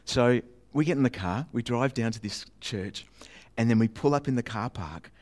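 A man preaching in a chatty, self-mocking way, telling a childhood story with animated voices and sound effects. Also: mid-range voice, moderate pace. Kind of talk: storytelling sermon.

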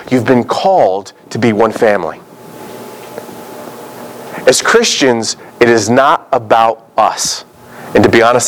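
A man preaching a sermon as a pastor, animated, with frequent rhetorical questions. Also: medium pitch, a little hiss or hum, low-quality recording.

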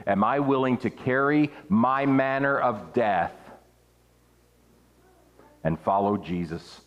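A man preaching an earnest sermon, his pitch rising and falling for emphasis as he reads and explains scripture. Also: slow pace, lo-fi sound.

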